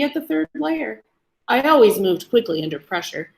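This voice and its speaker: A woman reading a first-person story aloud to an audience in a calm, measured way. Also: fairly high pitch, gravelly. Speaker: story reader. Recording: roomy echo.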